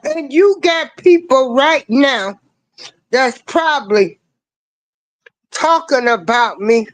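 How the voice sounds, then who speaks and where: Older woman commentator, slangy, drawn-out rant, animated pitch. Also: dry recording, poor audio. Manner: emphatic, hammering repeated rhetorical questions; slangy, swings between rising cries and low asides. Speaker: online commentator. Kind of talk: ranting political commentary.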